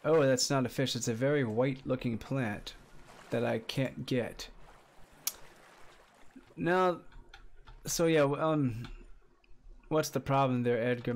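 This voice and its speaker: A man streaming a survival game live, chatting with viewers and reacting excitedly as he plays. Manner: excitable, chatty, greets viewers, bursts into high squeals and laughs. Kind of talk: casual live-stream commentary. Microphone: desk condenser mic.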